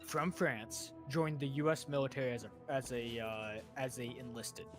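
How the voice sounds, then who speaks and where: A man from the United States streaming a game, chatting casually in a rambling, halting way with many restarts. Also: medium pitch, fairly even intonation, faint music behind. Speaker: streamer, former soldier. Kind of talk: casual chat while gaming.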